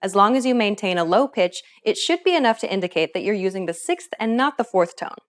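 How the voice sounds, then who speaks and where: A woman narrating a scripted lesson, explaining pronunciation clearly and step by step. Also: medium pitch, expressive, brisk. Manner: clear, instructive. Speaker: pronunciation teacher.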